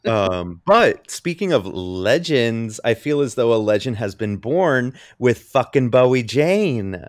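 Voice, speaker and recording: A man's voice: medium pitch, sing-song, slow pace, dry recording, studio quality. A man co-hosting a casual podcast, gossiping about a reality show and mimicking the people in it. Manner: gossipy, quotes people in mocking voices. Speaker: podcast co-host. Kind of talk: casual chat.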